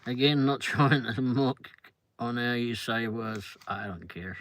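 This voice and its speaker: A man's voice: medium pitch, measured pace, fairly bright tone, slight background noise. An older man hosting a livestream, chatting casually in a rambling way while reading viewer comments, often laughing. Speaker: livestream host.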